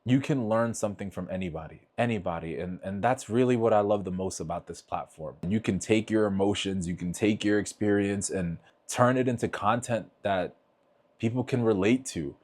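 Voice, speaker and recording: A man's voice: lowish voice, moderate pace, darkish tone. A man talking bluntly and earnestly in a motivational vlog, swearing freely and speaking from the heart as he encourages his viewers. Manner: heartfelt, emotional. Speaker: fitness vlogger.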